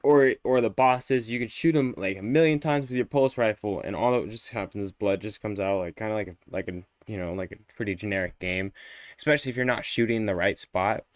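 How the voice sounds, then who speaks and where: A man's voice: on the low side, fast talker, no echo. A man streaming live, reacting casually to a game interview, rambling and swearing freely.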